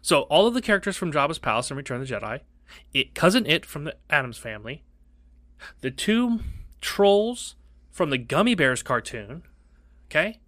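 A middle-aged man spins a wild story in loose podcast banter. He swears freely, talks with a bright, forceful edge, and jumps into high squeaky voices when he quotes people. The sound is close and dry, with no room around it. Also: moderate pace, no echo. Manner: animated, profane, does squeaky quoted voices. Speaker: podcast co-host. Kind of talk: casual storytelling chat.

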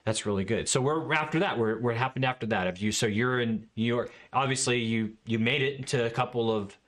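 A man's voice: mid-range voice, fairly quick, a bit bright. Hesitant man asking interview questions. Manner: hesitant, restarts questions mid-sentence. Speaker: podcast host.

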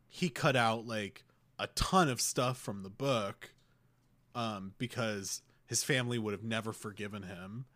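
A man's voice: on the low side, fairly bright tone, no room sound. Rambling man on a chatty podcast. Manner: rambling, with lots of fillers and giggles. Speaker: podcast co-host. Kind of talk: casual chat.

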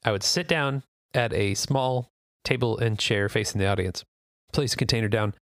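A man's voice: lowish voice, normal speed, a bit bright, dry recording, studio quality. A man co-hosting a podcast, joking playfully in casual chat. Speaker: podcast co-host.

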